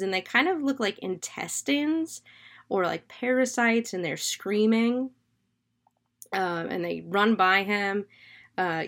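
A woman's voice: medium pitch, fairly bright tone. A woman casually recapping and reviewing a horror film. She talks loosely, with lots of "like" and "um", and swears now and then for emphasis.

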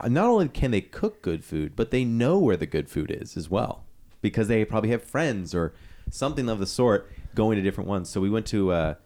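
A man co-hosting a podcast in casual chat, talking in a relaxed, chatty way with plenty of ums and uhs. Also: fairly low pitch, a little fast. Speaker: podcast co-host.

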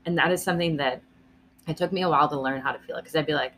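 A woman's voice: low voice, very fast, a bit bright, slight background noise. A woman co-hosting a podcast, giving earnest advice in casual chat and swearing now and then.

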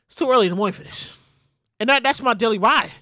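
A man hosting a solo podcast, talking loudly and animatedly with plenty of profanity. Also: very high-pitched, fast, no echo, studio quality. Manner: loud, animated, profane ranting. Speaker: podcast host. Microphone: studio microphone.

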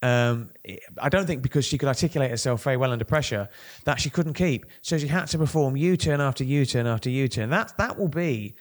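A man co-hosting a political podcast, talking in a casual, animated and indignant way, often repeating words. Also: medium pitch, a little fast, hardly any pauses. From Northern England. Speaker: podcast co-host.

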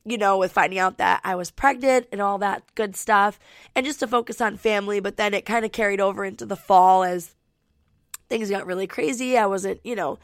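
Twenty-something mom podcaster, stuffy nose, gravelly fry, dry close sound, says like a lot. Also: female voice, mid-range voice, a little fast, dry recording. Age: 20s. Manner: chatty, lots of "like" fillers. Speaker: podcast host. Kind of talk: casual podcast chat. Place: home studio.

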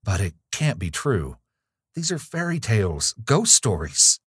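Guy reading scared young noble girl, begging and clingy, low husky voice, dry room. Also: big pitch swings, unhurried, a bit bright, no echo, exaggerated voice. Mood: uneasy.

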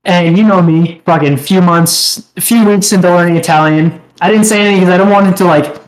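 A man's voice: high voice, a little fast, poor audio. Profane, rambling young male podcast host. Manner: rambling, profane, laughs through his story. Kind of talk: casual storytelling chat.

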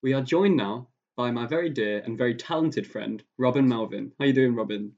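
A man's voice: mid-range voice, a little fast, a little mellow, highs cut off. A man hosting a casual podcast interview, playful and self-mocking. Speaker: podcast host.

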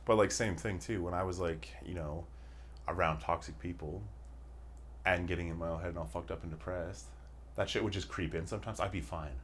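A young man with a very low, deep voice talks loosely and profanely as a podcast host, drifting through long anecdotes. A faint hiss of noise sits under the recording. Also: steady tone, brisk. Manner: profane, rambling storyteller. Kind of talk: casual chat.

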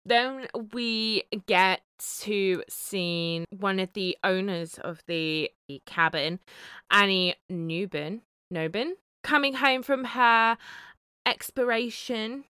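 Woman, podcast co-host, casual animated chat, bright tone, dry sound. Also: mid-range voice, slow, smooth, no echo. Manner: animated, laughing, swears freely.

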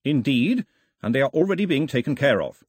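An audiobook narrator, a man, voicing an officious male company agent who shouts his orders. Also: medium pitch, sing-song, fairly quick, no echo, clean studio sound, voice pushed up. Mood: commanding. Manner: shouting through a megaphone, officious.

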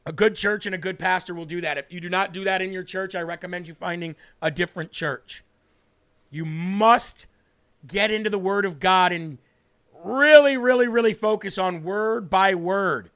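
A man hosting a livestream Bible teaching, reading scripture slowly and speaking earnestly with emphasis. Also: high-pitched, a bit bright. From northern United States. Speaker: host and preacher.

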